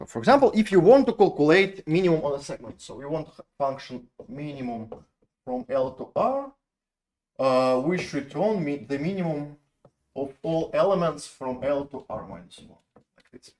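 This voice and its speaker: A man's voice: fairly high pitch, lively intonation, normal speed, darkish tone. A man with a Russian accent giving a university lecture on code, often restarting and repeating words as he works through examples. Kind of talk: live lecture explaining code.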